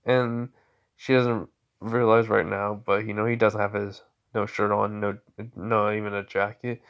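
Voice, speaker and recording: A man's voice: on the low side, flat delivery, a little slow, a bit bright, clean tone, dull audio. A man improvising a fan story aloud, rambling with many restarts.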